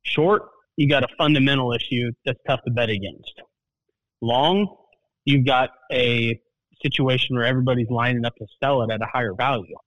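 A man who is a market analyst guest, speaking in a plainspoken, measured way with folksy turns of phrase. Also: medium pitch, a bit bright, no echo, poor audio. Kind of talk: casual market talk.

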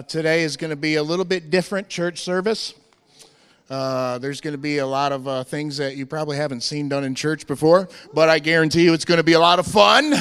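A man's voice: on the high side, fairly bright tone, smooth, big-room sound. Hyped American man rallying a church crowd. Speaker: touring strength team presenter. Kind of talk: energetic church stage presentation. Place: church hall with live audience. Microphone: handheld microphone.

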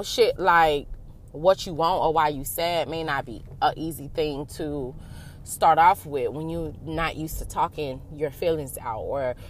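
A woman's voice: deep voice, slight background noise. A woman vlogging self-help advice in a casual, frank and profane way, acting out both sides of a talk with herself. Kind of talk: casual motivational monologue.

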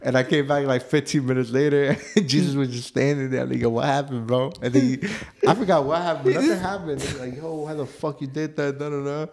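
A young man co-hosting a casual podcast chat, telling animated stories, swearing often and laughing through the punchlines. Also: mid-range voice, fairly quick, gravelly, few pauses. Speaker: podcast co-host.

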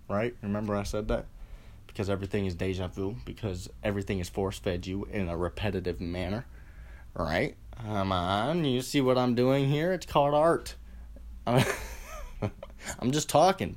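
A man hosting a solo podcast, ranting in a rambling, profane and sarcastic way. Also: fairly low pitch. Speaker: podcast host.

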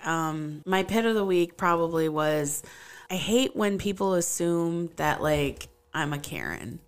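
Chatty woman with a lowish voice. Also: clear, resonant tone. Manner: chatty storyteller, quick asides, frequent laughs. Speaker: podcast co-host and stand-up comic. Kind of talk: casual chat.

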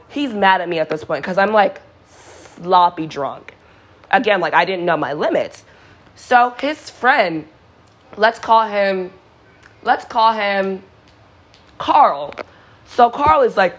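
A woman's voice: mid-range voice, animated, measured pace. A young adult woman vlogger telling a story in a blunt, profane, dramatic way. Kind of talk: casual storytime.

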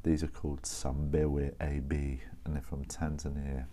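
Very deep-voiced chatty man. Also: little pitch movement, unhurried, warm tone. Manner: rambling, chatty, self-correcting. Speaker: podcast host. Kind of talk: casual solo chat. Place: at his desk.

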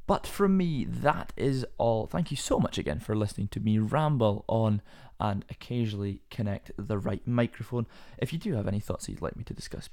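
With a medium-pitched, darkish voice full of vocal fry, a young man hosts his own casual podcast. His talk wanders and pokes fun at himself, full of fillers and restarts, and sometimes his voice cracks.

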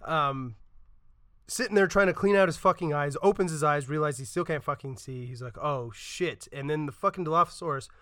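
A man's voice: on the high side, fairly quick, bright, forceful tone. A man co-hosting a podcast, retelling scenes in a casual, profane way and acting out quotes as he goes. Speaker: podcast co-host. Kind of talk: casual chat.

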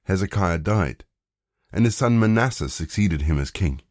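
A man giving a scripted Bible reading with measured, even narration. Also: sits low, dry recording, studio quality. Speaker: scripture reader.

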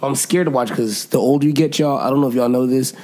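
A man's voice: mid-range voice, steady tone, fast, darkish tone. A man co-hosting a podcast in casual chat, with loose, slangy banter and playful teasing. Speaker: podcast co-host.

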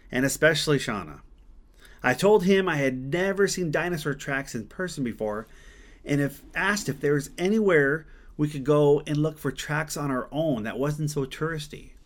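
A man from Montana tells a personal story, his voice sitting a little higher than most men's. He talks in an earnest, conversational way and often restarts a word to correct himself.

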